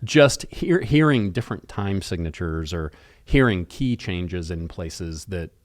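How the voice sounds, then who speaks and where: Deep-voiced man musing on music. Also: expressive, measured pace, dry recording, clean studio sound. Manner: thoughtful, rambling with restarts. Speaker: podcast co-host. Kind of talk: casual chat about music.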